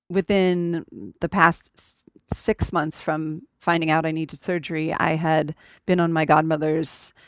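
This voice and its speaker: A woman talking in a relaxed conversation over a remote call, explaining things step by step with frequent ums. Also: low voice, no room sound. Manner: methodical, explanatory, with many ums. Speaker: podcast guest. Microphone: remote call recording.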